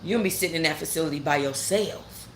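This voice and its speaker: A woman's voice: sits low, a little fast, slight background noise. Heated woman ranting in a roomy space. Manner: heated, blunt and profane, with emphatic repetition. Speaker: channel host. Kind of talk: casual storytime rant.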